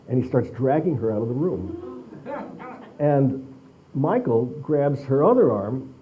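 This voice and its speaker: A man's voice: mid-range voice, muffled recording. A man, an author speaking at a library talk, telling an anecdote with many restarts and repeated words. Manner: halting, repeats words as he talks. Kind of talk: anecdotal storytelling to an audience.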